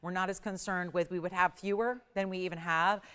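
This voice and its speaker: A middle-aged woman hosting a live home shopping show, selling jewelry with upbeat, persuasive patter and excited price countdowns from a TV studio. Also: on the low side, fairly quick, clear, resonant tone. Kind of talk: live TV jewelry sales pitch.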